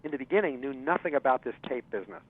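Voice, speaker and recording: A man's voice: mid-range voice, expressive, racing, slight background noise. A man telling a long story as a guest on a radio interview, talking with lots of fillers and restarts. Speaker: interview guest, jazz writer. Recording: tinny phone-line sound.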